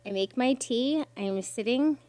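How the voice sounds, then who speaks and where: A woman's voice: a little high, normal speed, no room sound. A woman guest on a podcast, telling a personal story with strong emotion, swearing freely and acting out the voices of others. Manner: animated, swears freely, acts out quoted voices.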